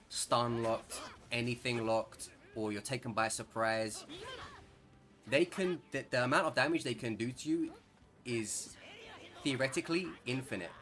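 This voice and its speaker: A young man with an English accent and a mid-range voice streams a game, giving chatty, excitable commentary. He rambles and corrects himself as he plays.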